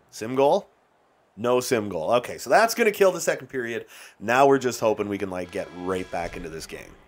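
A man talks through his hockey video game session in a loose, chatty way, laughing now and then. His pitch sits in the middle range, and at big plays his voice jumps up into shouts. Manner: excitable, shouts at big plays, chuckles often. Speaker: gaming YouTuber. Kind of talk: let's-play commentary.

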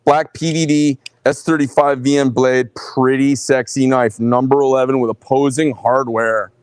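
A middle-aged man hosts a casual knife sales show in a mid-range voice. He tells long, animated, rambling stories. The sound is dry and close. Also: mid-range voice, moderate pace, clear, resonant tone, dry recording. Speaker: host presenting knives.

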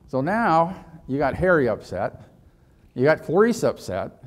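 A man's voice: a little high, big pitch swings, a little slow. Male leadership trainer, storytelling workshop talk, asks the room lots of questions. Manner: rhetorical questions to the audience.

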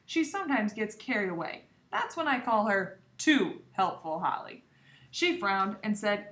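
A woman reading a children's chapter book aloud with lively, expressive storytelling. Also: a little high, measured pace, roomy sound. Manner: lively expressive storytelling, voicing the hamster narrator. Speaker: reader.

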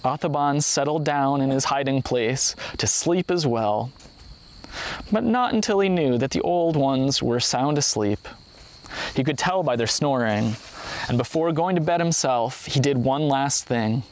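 A man reading a traditional folktale aloud in a measured, expressive storytelling manner. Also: medium pitch. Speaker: story reader.

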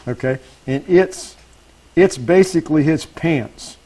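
A man's voice: fairly high pitch, slow, dark tone, low-quality recording. Man demonstrating woodworking to a room. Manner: talks while working, self-correcting, asks audience checks. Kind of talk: live workshop demonstration. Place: workshop meeting room with audience. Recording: faint background noise.

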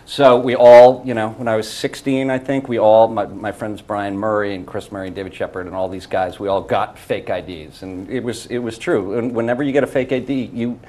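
A man's voice: on the low side, steady tone, fairly quick, few pauses, warm tone. A man from Canada, a game show guest, telling a rambling casual story and laughing at it himself. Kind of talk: casual anecdote.

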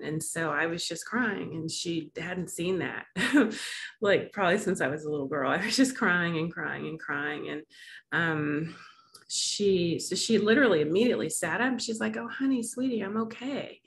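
A woman's voice: on the low side, a bit bright, slight background noise. A woman hosting a wellness vlog, telling a personal story in a rambling, emotional way with frequent laughs and restarts. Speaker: wellness challenge host.

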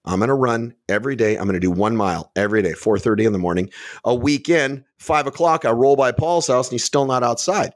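A man's voice: mid-range voice, fast talker, dry recording. A blunt, brash man talks on a podcast in a casual, swearing style. His voice sits mid-range, and he acts out the people he quotes. The sound is close and dry. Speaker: podcast guest, fitness business owner. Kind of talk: casual podcast interview talk.

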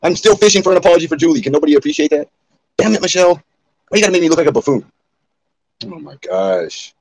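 A man's voice: on the high side, sing-song, fast, poor audio. A man hosting a livestream, arguing with a guest in a bickering, profane, exasperated way. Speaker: livestream host. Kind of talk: heated casual livestream banter.

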